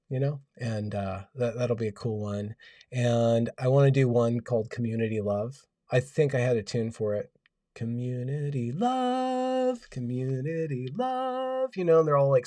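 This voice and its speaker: This livestream host's voice is medium in pitch and a little mellow as he rambles wryly and reads off viewers' comments. He sits far from the mic of his home setup, yet the recording is dry and clean like a studio's.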